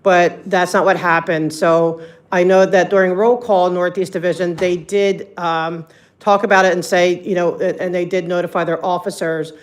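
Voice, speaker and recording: A person making a public comment at a meeting. The delivery rambles and hesitates, with frequent ums, in a flat, even tone. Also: medium pitch, normal speed.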